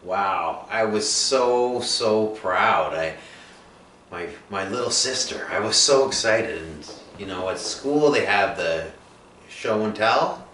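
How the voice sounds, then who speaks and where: A man telling his own life story in a rambling, halting way, full of fillers and restarts. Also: fairly low pitch, animated, bright, forceful tone. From Nova Scotia, Canada. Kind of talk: personal storytelling monologue. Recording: echoey room, mic at a distance, faint noise.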